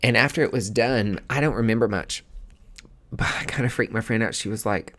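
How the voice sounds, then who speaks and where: A man's voice: lowish voice, brisk, fairly bright tone. A man hosting a podcast, telling a personal story in a casual, rambling and emotional way, full of fillers. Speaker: podcast host.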